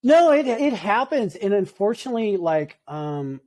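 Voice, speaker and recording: Surf coach, fifties, easygoing man; high-pitched, warm and relaxed. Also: normal speed. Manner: laid-back, easygoing surfer talk. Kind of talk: casual podcast chat.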